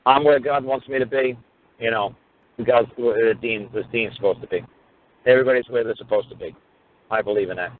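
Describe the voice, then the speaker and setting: Man, radio talk host, profane, animated storyteller, tinny phone audio. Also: medium pitch, brisk. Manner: profane, animated storytelling, acting out court exchanges. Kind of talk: casual radio monologue.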